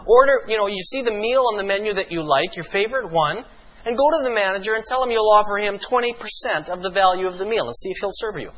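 A man preaching a sermon as pastor, emphatic and full of rhetorical questions, slowing down for dramatic pauses. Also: sits high, lively intonation, fairly bright tone, lo-fi sound.

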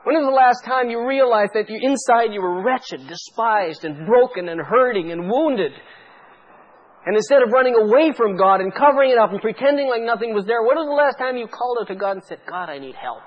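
A pastor preaching a sermon with fervent, pleading intensity, firing off rhetorical questions at the congregation. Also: male voice, extremely high pitch, fairly quick, muffled recording.

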